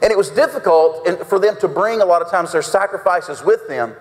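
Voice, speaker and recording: Male pastor, high-pitched, folksy sermon, long church reverb. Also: animated, brisk. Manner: folksy, acts out quotes with big pitch swings. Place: church sanctuary.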